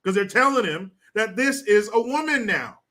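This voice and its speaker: A man hosting a casual commentary stream, reading viewer comments aloud with crude, mocking asides. His voice sits high and bright, with a lively, swinging delivery. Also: normal speed. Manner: crude and mocking, laughs often. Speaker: host of a commentary livestream.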